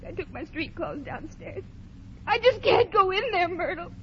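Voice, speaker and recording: A young star dancer, very high voice, shaky and near tears, in an old muffled radio play. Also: female voice, expressive, normal speed, slight background noise. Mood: distraught. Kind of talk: 1930s radio acting. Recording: dull old radio recording.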